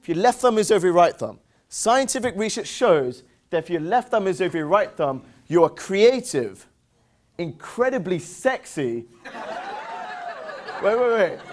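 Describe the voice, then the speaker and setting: Male seminar presenter, English accent, high voice; upbeat, playful, works the crowd with call-and-response. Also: sing-song, unhurried. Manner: playful, teasing jokes. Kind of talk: interactive motivational seminar talk.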